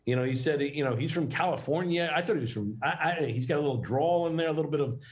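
A man's voice: a little high, fast talker. Rambling, chatty middle-aged man. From New York. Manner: rambling with many restarts and fillers. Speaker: actor interviewed as guest. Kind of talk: casual interview talk.

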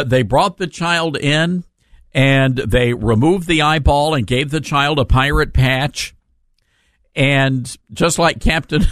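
A man hosting a talk radio show in a sarcastic, mocking monologue, with halting fillers and chuckles. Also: a little high, fairly bright tone, dry recording, studio quality.

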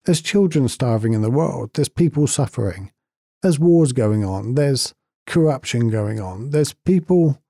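A man gives an earnest, reflective talk and leans on repetition to drive his points home. His voice is warm and mellow, sitting at an ordinary pitch for a man. The recording is dry and close, with no room sound. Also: no room sound. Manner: storytelling, earnest, repeats points for emphasis.

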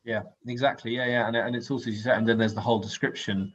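A man's voice: mid-range voice, fairly even intonation, fast, a bit bright, muffled recording, slight background noise. A man co-hosting a casual chat, rambling and correcting himself mid-sentence with apologetic asides.

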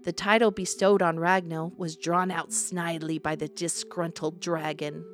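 A woman narrating a fantasy storybook in a measured, descriptive manner. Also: fairly low pitch, flat delivery, faint music behind.

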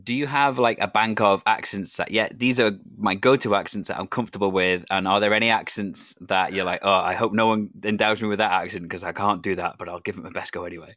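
A man hosting an interview, with a very deep, low voice recorded dry and close. He asks his questions in a friendly, encouraging way. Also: fairly even intonation, quick pace, few pauses, fairly bright tone, no echo. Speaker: podcast host.

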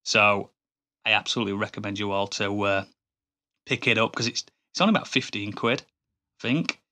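A man's voice: lowish voice, normal speed, sharp tone. A man co-hosting a podcast in casual chat, enthusiastic and rambling, often restarting his sentences. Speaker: podcast co-host.

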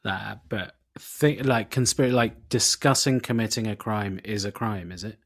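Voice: medium pitch, fairly bright tone. Co-host, dry teasing reactions, casual banter. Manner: wry, teasing listener with quick reactions. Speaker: podcast co-host. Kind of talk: casual chat.

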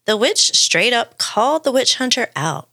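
A woman's voice: on the high side, big pitch swings, moderate pace, creaky, pushed and bright, slightly rough, no echo, clean studio sound. A woman co-hosting a podcast, reading a story aloud with playful asides. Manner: reads the script with playful asides. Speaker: podcast co-host.

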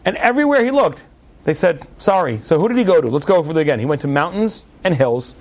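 Male preacher, high-pitched, animated storytelling sermon. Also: fast. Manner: animated, acts out the voices of the figures in his story.

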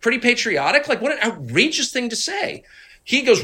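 Man, middle-aged, lively pitch, husky edge, indignant, emphatic, conversational interview. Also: brisk. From Washington, D.C. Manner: animated, indignant, emphatic storytelling. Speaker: interviewed guest, political commentator.

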